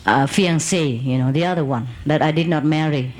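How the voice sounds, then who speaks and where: A woman spiritual teacher with a low voice tells an audience a long personal anecdote at a moderate pace, in loose, broken English, with poor audio. She is animated, laughs often, and acts out the people in her story.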